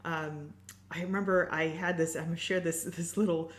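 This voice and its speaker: A woman co-hosting a casual online chat. Her voice sits a little low and carries a roomy echo. She tells her stories with lively energy and laughs often. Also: moderate pace. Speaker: co-host, healing coach. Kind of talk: casual livestream conversation.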